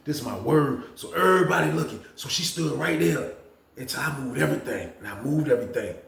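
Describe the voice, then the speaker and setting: Animated profane man telling a story. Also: on the high side, brisk, creaky, reverberant. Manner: animated, profane, addresses viewers as y'all. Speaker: storytelling channel host. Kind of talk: casual storytime about prison.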